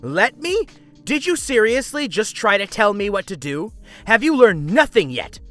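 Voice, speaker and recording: A man's voice: fairly high pitch, sing-song, moderate pace, sharp tone, faint music behind. A man putting on a screaming entitled woman customer. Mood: furious. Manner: screaming, bullying, interrupting.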